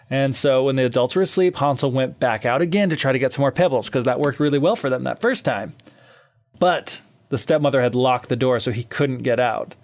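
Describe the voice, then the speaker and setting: A man's voice: medium pitch, darkish tone. A man co-hosting a podcast, loosely retelling a fairy tale in casual chat, full of fillers and easy laughter.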